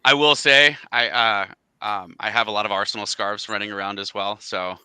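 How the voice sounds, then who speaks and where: Bright, crisp-voiced man on a call. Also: fairly low pitch, moderate pace, dry recording. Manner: relaxed, chatty, laughs easily. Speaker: guest, scarf company representative. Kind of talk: casual video call chat.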